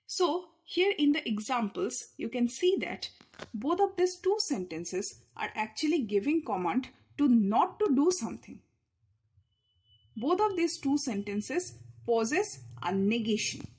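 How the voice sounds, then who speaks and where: A woman teaching an English grammar lesson, explaining each point slowly and patiently with repeated examples. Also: on the high side, sing-song, darkish tone, breathy edge. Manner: leans hard on key words when showing emphasis.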